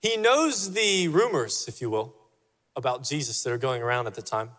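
A man's voice: mid-range voice, expressive, normal speed, a bit bright, big-room sound. A male pastor preaching a sermon in a church, emphatic and repeating his key phrases for weight. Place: church sanctuary.

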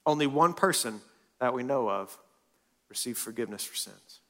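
A man preaching a sermon in a church, swinging from loud and lively to hushed and soft. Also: medium pitch, normal speed. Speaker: pastor.

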